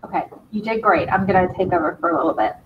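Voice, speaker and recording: A woman teacher leading her class and reading a play's stage directions aloud in a brisk, encouraging way. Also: fairly low pitch, a little hiss or hum. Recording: slightly dull lo-fi sound.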